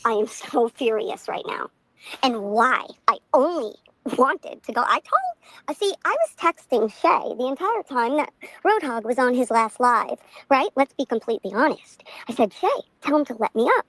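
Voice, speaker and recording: A woman's voice: on the high side, expressive, measured pace, a bit bright, no room sound, rough recording. A woman ranting on a live stream from the back seat of a car, profane and fuming, laughing between lines. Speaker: livestreamer.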